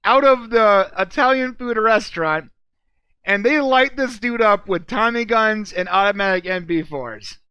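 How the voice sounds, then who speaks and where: A man's voice: sits high, unhurried, pushed and bright, clear, resonant tone, no echo, dull audio. A man from California co-hosting a show, joking and telling game matchups as loose, self-mocking stories. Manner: jokey, laughs at himself, loose storytelling. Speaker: co-host. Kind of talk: casual comedic chat, narrating game matchups.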